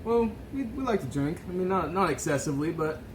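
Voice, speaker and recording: A man's voice: on the high side, animated, fairly quick, background noise. A man co-hosting a podcast, telling a drinking story in casual chat, swearing freely and laughing as he goes. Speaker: podcast co-host.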